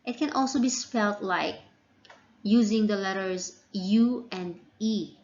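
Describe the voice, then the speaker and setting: A woman teaching a phonics lesson, drawing out each example word slowly and carefully. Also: mid-range voice, a little mellow. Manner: slow and deliberate, drawing out example words. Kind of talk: slow classroom phonics lesson. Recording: dull lo-fi recording.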